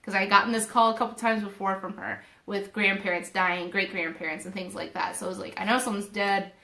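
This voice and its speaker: A young woman hosting a spiritual talk, casually retelling a personal story in an animated, emotional way. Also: medium pitch, a little fast, gravelly. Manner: animated, emotional retelling with quoted inner voices. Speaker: spiritual video host. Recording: roomy echo.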